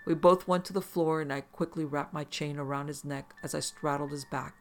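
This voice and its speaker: A man's voice: fairly high pitch, flat delivery, fairly quick, soft background music. A man narrating a first-person horror story in an intense, profane, vivid way.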